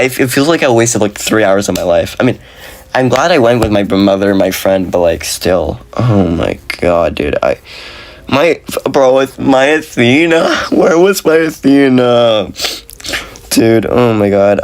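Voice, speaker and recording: A man giving a casual, frustrated video review, talking fast and excitedly with lots of slang and fillers, his voice jumping up when he is exasperated. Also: lowish voice. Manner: animated, voice jumps up when exasperated. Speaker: movie reviewer.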